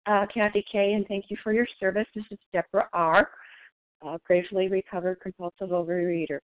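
A woman sharing thoughtfully at a recovery meeting by phone, pausing with fillers. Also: mid-range voice, steady tone, no room sound. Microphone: phone call. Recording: dry phone-line audio.

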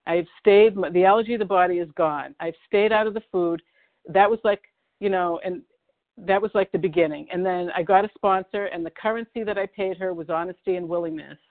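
Woman sharing over a tinny phone line. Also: on the low side. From Boston area, US. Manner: halting, emotional, many ums and restarts. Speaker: meeting speaker sharing recovery story. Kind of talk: personal recovery share. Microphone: phone dial-in.

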